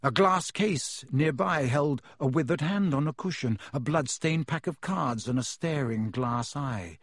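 A man narrates a fantasy storybook in a measured, expressive reading. His voice sits a little high for a man, and the close studio mic leaves it completely dry, with no room sound at all. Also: dry recording. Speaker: audiobook narrator.

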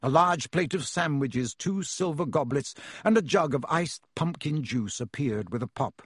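A man narrating an audiobook in a measured, expressive storytelling style. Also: fairly high pitch, husky, no room sound, studio quality. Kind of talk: scripted narration.

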